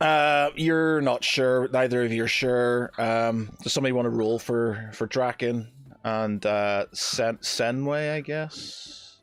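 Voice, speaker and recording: A man's voice: medium pitch, steady tone, takes it slowly, clean tone. A man acting as game master, narrating casually with lots of fillers and restarts. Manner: rambling, filler-heavy, self-correcting.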